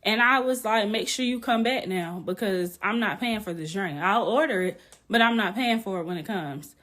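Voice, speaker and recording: A woman hosting a casual podcast, telling a story in an animated, blunt way, laughing often and swearing casually. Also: medium pitch, normal speed. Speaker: podcast host.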